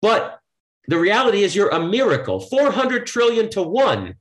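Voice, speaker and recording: A man with a lively, swooping voice, a little high for a man, speaking as a podcast guest. He talks emphatically and preachily about self-improvement. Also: normal speed. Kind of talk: podcast conversation.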